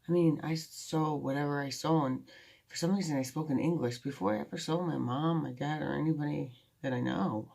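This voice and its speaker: A woman's voice: very deep voice, gravelly, dark tone. A woman musing candidly about faith and her past in a rambling, heartfelt late-night talk to a phone held close to her face. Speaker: vlogger. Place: at home at night.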